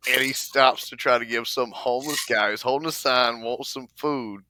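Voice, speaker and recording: A male podcast co-host chimes in with quick reactions and laughs along with his partner. His voice is bright and forceful at a middle pitch, recorded dry and close. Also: steady tone, no room sound. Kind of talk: casual chat.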